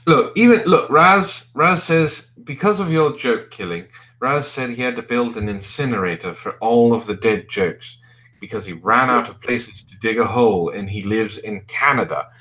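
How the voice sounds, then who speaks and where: A man's voice: medium pitch, measured pace, bright, forceful tone. A man hosting a podcast, giving sarcastic, profane commentary. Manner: sarcastic, swears freely. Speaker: podcast host.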